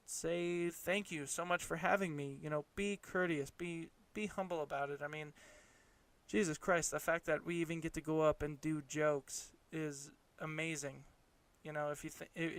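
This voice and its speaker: A man's voice: fairly high pitch, fairly bright tone, smooth. A man hosting a podcast, giving casual advice in an encouraging, rambling way with frequent restarts. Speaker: podcast host.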